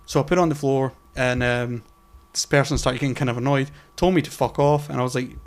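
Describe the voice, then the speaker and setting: A man's voice: mid-range voice, steady tone, brisk, few pauses. A man chatting on a podcast, cursing freely as he tells a story. He acts out both sides of every argument in his own voice, with plenty of restarts and filler words. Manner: swearing storyteller, acts out quoted exchanges. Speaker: podcast co-host. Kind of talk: casual podcast chat.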